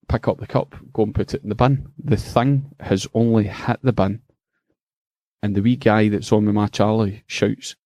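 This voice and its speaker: A middle-aged Scottish man co-hosting a podcast, telling a funny story in an animated, profane way and laughing as he goes. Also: lowish voice, normal speed, dry recording, studio quality. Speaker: podcast co-host. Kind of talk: casual storytelling chat.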